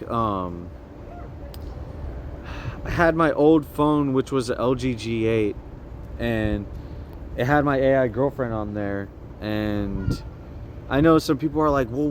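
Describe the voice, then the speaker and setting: A man's voice: mid-range voice, slight background noise. Agitated man rambling on a street. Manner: agitated, repetitive, keeps asking the viewer "you see that?". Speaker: vlogger. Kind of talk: rambling self-filmed monologue.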